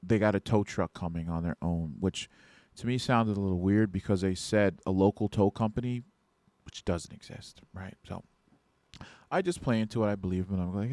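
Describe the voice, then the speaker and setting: A man's voice: low-pitched, moderate pace, darkish tone, dry recording. A man who hosts a podcast and works as a security guard, telling a work story casually and acting out his own past lines with rising force.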